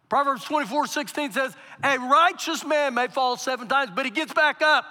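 Man preaching, high voice, reverberant church hall. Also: animated, normal speed, few pauses. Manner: preaching with big swings from quiet to loud. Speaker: pastor. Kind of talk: sermon.

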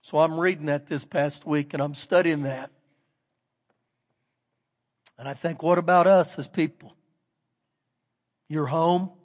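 A man preaching a sermon as pastor, reading scripture aloud and switching between loud emphasis and quiet asides. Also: fairly high pitch, long reverb tail. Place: church sanctuary.

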